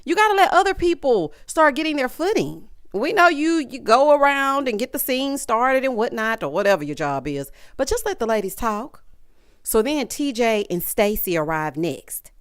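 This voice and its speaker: Sassy animated woman recapping TV. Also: on the high side, moderate pace, clear, resonant tone. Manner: sassy, animated, mimics cast members in quoted voices. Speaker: recap commentator. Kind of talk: casual reality-show recap commentary.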